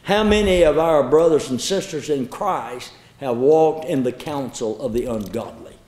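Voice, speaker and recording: A man preaching a folksy sermon. He tells stories, repeats words and draws some phrases out slowly. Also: medium pitch, lively intonation, darkish tone. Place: church lecture hall. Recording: echoey hall.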